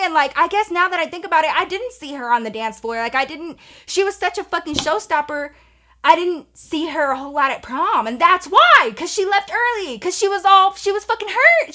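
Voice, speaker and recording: A woman in her twenties telling a casual, profane story time to her viewers, animated and chatty. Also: sits high. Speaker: storytime vlogger.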